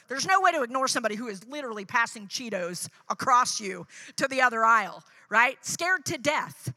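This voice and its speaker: A woman with a high, sharp, animated voice preaches briskly with hardly any pauses, recorded dry. Her sermon unfolds through personal stories told conversationally, with "right?" tagged onto lines and the quoted dialogue acted out.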